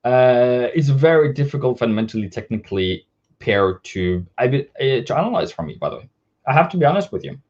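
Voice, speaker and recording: Man, live trading analyst; casual, straight-talking, lively pitch, dull lo-fi audio. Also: brisk. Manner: casual, direct, talks to viewers as "bro" and "my brother". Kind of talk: live market analysis stream.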